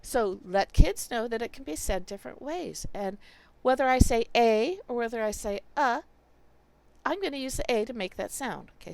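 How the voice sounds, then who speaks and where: A woman's voice: on the high side, expressive, moderate pace, vocal fry, dry recording. A middle-aged woman patiently explaining to parents how to teach sight words, sounding out letters and example phrases.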